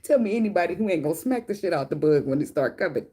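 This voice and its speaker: A woman's voice: fairly low pitch, sing-song, fast, dark tone, slightly rough. A middle-aged woman hosting a casual chat with viewers. She tells blunt, profane stories and laughs often. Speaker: tarot reader and channel host.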